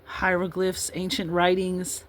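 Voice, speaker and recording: This tarot card reader, an Illinois woman in her fifties, chats casually and wanders into asides between the cards she reads out. She speaks a little slowly in a low-ish monotone, and the recording quality is poor.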